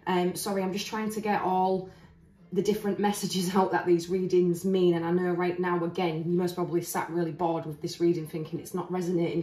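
A woman's voice: lowish voice, dark tone. A woman doing a casual tarot reading. She talks in a chatty, earnest way and thinks aloud with restarts. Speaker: tarot reader. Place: indoors, standing at a table of cards. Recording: roomy echo, voice heard from a distance.

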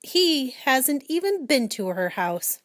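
A woman's voice: high-pitched, sing-song, takes it slowly, a bit bright, no room sound, clean studio sound, voice pushed up, full character voice. A woman voicing a blunt, indignant husband. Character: older husband, a gruff retired man.

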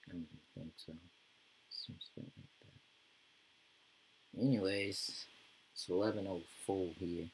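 Low, gravelly man ranting over gameplay. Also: fairly even intonation, slow pace, long pauses, slight background noise, low-quality recording. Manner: profane, slangy, rambling. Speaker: gaming YouTuber. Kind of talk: casual gameplay commentary.

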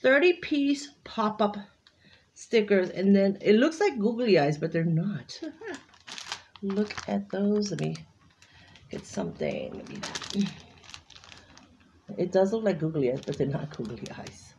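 A woman's voice: mid-range voice, sing-song, slow, long pauses, a little mellow, a little hiss or hum. A woman crafting vlogger in casual unboxing chat, gushing and exclaiming over each item she opens.

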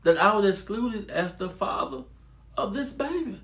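A man casually telling a personal story to his viewers, animated and addressing them as y'all. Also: high voice, moderate pace. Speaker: storytelling vlogger.

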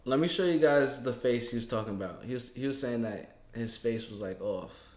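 A man's voice: medium pitch, fairly quick, darkish tone. A man gives casual reaction commentary, chatting straight to his viewers. His voice sits in a middle range and carries a roomy echo. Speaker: reaction video host.

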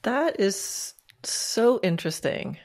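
A woman's voice: mid-range voice, lively intonation, takes it slowly, darkish tone. A woman hosting a podcast interview, talking in an enthusiastic, casual way with many fillers and restarts. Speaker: podcast host.

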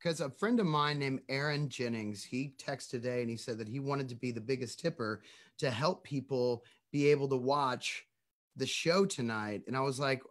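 A man in his forties, a musician guest chatting casually over a video call from his home studio, animated and joking as he tells stories. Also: medium pitch, normal speed. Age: 40s. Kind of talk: casual interview chat.

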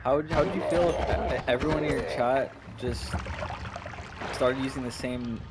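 A man's voice: mid-range voice, moderate pace, very noisy. A man playing a game with a friend, chatting in laid-back, slangy banter. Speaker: co-player. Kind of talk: casual gaming chat.

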